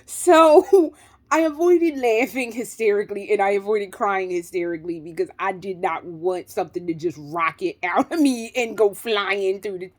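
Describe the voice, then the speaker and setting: A woman vlogger telling a personal story in a casual, animated way, swearing freely and laughing through it. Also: mid-range voice, moderate pace.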